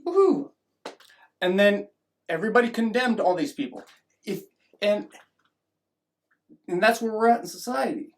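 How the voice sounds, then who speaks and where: A man's voice: sits high, normal speed, pauses often. A man giving a rambling opinion monologue as a vlogger, often restarting and acting out mocking voices.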